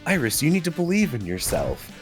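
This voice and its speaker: Earnest companions from a fantasy game, piling on reassurance, as a man acts them out. The voice sits higher than the performer's own, eager and overly encouraging. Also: big pitch swings, brisk, over music.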